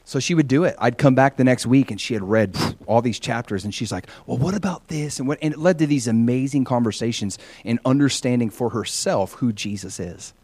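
Animated man preaching a sermon. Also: medium pitch, fairly quick, few pauses, no echo. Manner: animated storytelling, acting out quoted people. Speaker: pastor. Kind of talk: sermon with personal stories.

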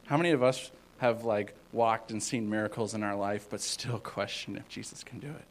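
A man giving an informal sermon as a youth pastor, rambling with many fillers and swinging between loud and hushed. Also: lowish voice, fairly even intonation, normal speed, a little hiss or hum, low-quality recording.

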